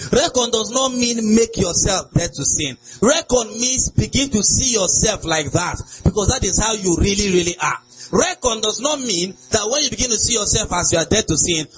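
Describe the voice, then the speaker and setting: A man preaching a sermon, emphatic and sing-song, with sudden shouts. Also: sits high, husky, low-quality recording.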